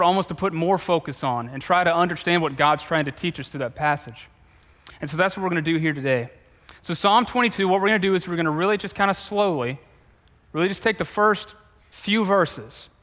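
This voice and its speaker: Youth pastor guy preaching, high bright voice, chatty asides, big hall echo. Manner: conversational, with relaxed asides and restarts. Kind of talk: sermon. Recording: long reverb of a large hall.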